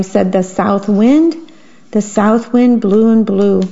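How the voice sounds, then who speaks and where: A woman volunteer broadcaster reading children's bedtime stories aloud, gently, stopping to describe the pictures. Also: mid-range voice, steady tone, slow pace, gravelly. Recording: dull lo-fi radio broadcast.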